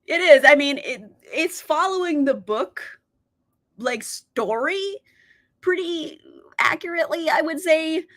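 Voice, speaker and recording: Brief: young female livestream host, giggly and chatty, bright swooping delivery. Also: high-pitched, lively intonation, a little slow. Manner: bubbly, giggly, greets chat viewers by name. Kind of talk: casual livestream chat.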